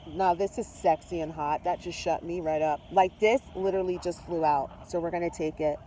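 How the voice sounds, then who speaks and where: An effusive tarot reader talks straight to the viewer in a casual reading. The voice sits mid-pitch with a mellow, rounded tone. Faint noise hums behind it. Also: steady tone, normal speed, hardly any pauses. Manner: mixes spiritual talk with swearing and slang.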